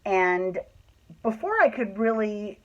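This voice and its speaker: A man's voice: high voice, slow, lo-fi sound, slight background noise. Chatty, cussing man telling a story. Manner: chatty, swears freely, acts out what people said. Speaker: storyteller host. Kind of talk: casual storytelling.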